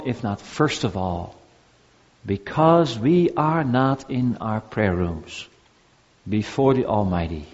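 A man's voice: medium pitch, husky. A male pastor preaching a sermon to his congregation in an earnest, repetitive cadence. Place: church. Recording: dull, echoey church recording.

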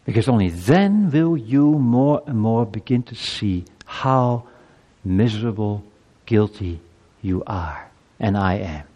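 A man in his fifties preaching a sermon, moving from quiet reflection to loud, urgent appeals. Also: on the low side, expressive, slow, muffled recording. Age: 50s.

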